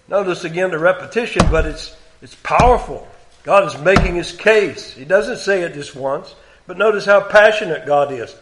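Man teaching the Bible, fairly high voice. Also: expressive, normal speed, fairly bright tone. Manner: reads King James scripture aloud with rising force.

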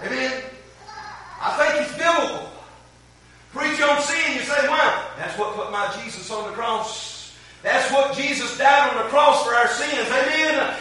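Fiery Appalachian male preacher, high and bright voice, booming sermon in an echoey church heard from off-mic. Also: a little slow. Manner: fervent, loud, shouting with frequent amens. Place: large church hall. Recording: echoey hall, mic from a distance.

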